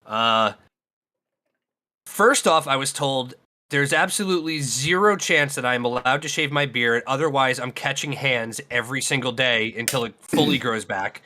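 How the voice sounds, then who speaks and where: A man co-hosting a gaming podcast, talking in an easygoing, halting way. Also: medium pitch, pushed and bright. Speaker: podcast co-host. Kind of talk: casual gaming podcast chat.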